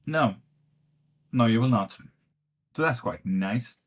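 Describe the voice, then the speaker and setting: A man's voice: mid-range voice, animated, takes it slowly. A man giving casual tarot readings on a live stream, blunt and swearing freely.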